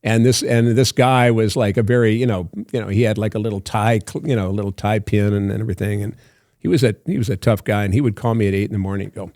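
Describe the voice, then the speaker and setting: An older man with a low, gravelly voice tells a long story as a podcast guest. He rambles and halts, filling gaps with plenty of uhs and ums, and slips into the voices of the people in his story. The sound is close and dry. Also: a little mellow, dry recording. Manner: rambling, halting with many fillers, acts out phone calls. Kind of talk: casual storytelling.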